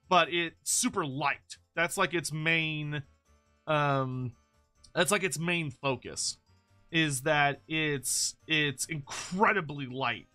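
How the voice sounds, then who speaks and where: A man's voice: fairly high pitch, bright, forceful tone. A man hosting a casual meme review, rambling with frequent swearing and mock-outraged rants. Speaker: YouTube host reviewing fan memes.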